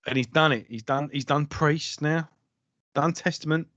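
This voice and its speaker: A man's voice: a little high, normal speed, fairly bright tone, dry recording. A man co-hosting a casual podcast chat, telling stories animatedly and swearing freely. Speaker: podcast co-host.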